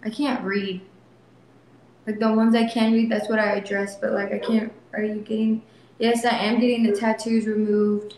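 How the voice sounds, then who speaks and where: A woman's voice: mid-range voice, level tone, moderate pace. Young woman vlogger, livestreaming by phone, emotional and defiant, faint hiss behind her. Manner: emotional, defiant, repeats herself; soft baby talk to her son. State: in back pain while sitting. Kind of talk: casual livestream talk to viewers. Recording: very echoey phone stream, faint noise.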